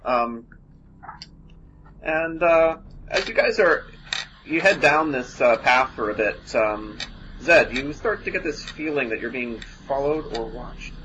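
A man's voice: mid-range voice, animated. Guy gm narrating a tabletop game, stop-start talk, kinda muffled mic. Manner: halting, many restarts and fillers. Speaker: game master. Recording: dull lo-fi mic, faint noise.

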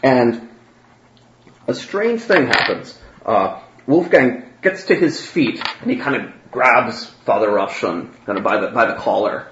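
A man's voice: mid-range voice, a little slow. A man narrating as game master, hesitant and full of fillers. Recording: roomy, dull, faint noise.

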